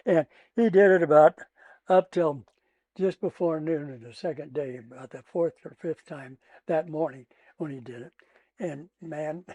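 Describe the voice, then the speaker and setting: Speaking in an unhurried, slightly high voice with a Midwestern American accent, this older man recounts courtroom tales from his days as a trial lawyer. The interview is casual, he laughs a lot and reenacts his shouting, and there's no room sound.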